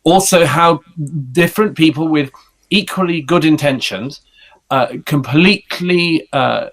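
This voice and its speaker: Hesitant, measured British man in his forties. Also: on the high side, a bit bright. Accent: British English. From Britain. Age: 40s. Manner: measured, hesitant with many fillers and restarts. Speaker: guest author. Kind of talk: thoughtful interview answer.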